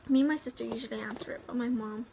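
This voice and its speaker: Woman, from south texas, personal storytelling, vlogger at home, gravelly fry, rambling with ums and likes, near-whispered stretches. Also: a little high, fairly even intonation, rapid-fire, darkish tone, a little hiss or hum, rough recording. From Rio Grande Valley, Texas.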